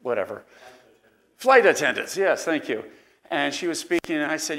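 A man with an East Coast American accent leads a Sunday school Bible lesson. His voice sits a little high, and he talks conversationally, wandering into asides and anecdotes. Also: expressive, moderate pace, long pauses, fairly bright tone. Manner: conversational, digressive, with fillers and asides. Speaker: Bible teacher.

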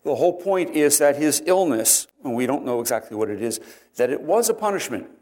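A man preaching a sermon, explaining scripture in an earnest, measured way with frequent "uh" and "um" fillers. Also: a little high, animated, darkish tone. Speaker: pastor.

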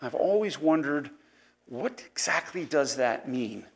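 A man's voice: medium pitch, animated, unhurried. A man with an East Coast American accent teaching a Sunday school Bible lesson in a conversational, digressive way. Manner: conversational, digressive, with fillers and asides.

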